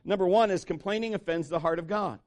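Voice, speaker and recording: A man preaching a sermon, telling jokes and stories and breaking into loud shouted impressions. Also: high voice, quick pace. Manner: animated, jokey storytelling with shouted impressions. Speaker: pastor.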